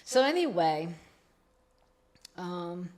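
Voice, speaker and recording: A woman's voice: fairly low pitch, big pitch swings, very slow, a little mellow. A middle-aged woman, telling her own recovery story as a podcast guest, acting out the dialogue she quotes.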